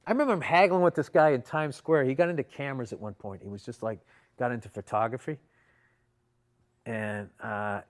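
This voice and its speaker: A middle-aged man co-hosting a podcast, telling long, rambling stories in casual chat and swearing freely. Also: mid-range voice. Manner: rambling, profane storytelling. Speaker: podcast co-host.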